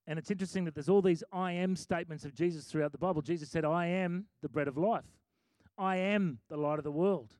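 Man, pastor, sermon, chatty, self-amused, high voice, dry recording. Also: fast talker, darkish tone, no echo. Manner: chatty, self-amused, breaks into sung lyrics.

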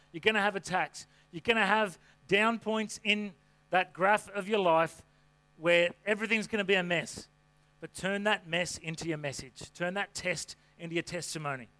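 A man preaching a sermon to a congregation from a church stage, with an energetic, folksy delivery full of rhetorical questions. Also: high voice. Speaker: pastor.

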